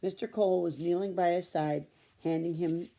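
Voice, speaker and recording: A woman reading a children's chapter book aloud in a steady storytelling manner. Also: on the low side, normal speed, slight background noise. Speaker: storybook reader.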